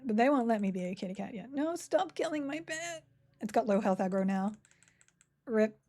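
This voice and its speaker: A woman's voice: on the high side, animated, measured pace, long pauses, a little mellow. A woman chatting casually and giggling as she streams a game and reads chat. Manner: chatty, giggly, self-mocking. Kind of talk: casual live-stream chat while playing.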